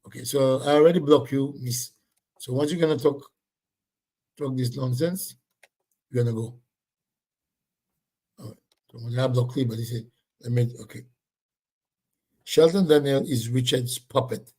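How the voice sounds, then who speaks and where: A man hosting a casual livestream, reading viewer comments and scolding them in a loud, blunt, repetitive way. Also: medium pitch, moderate pace, long pauses.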